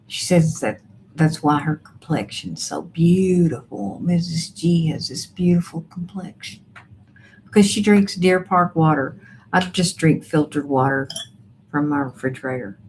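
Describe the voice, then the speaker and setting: A woman's voice: deep voice, animated, a little slow, darkish tone. A woman hosting a casual livestream from home, chatting and greeting viewers by name. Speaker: livestream host reading viewer chat. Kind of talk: casual live chat. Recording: faint background noise.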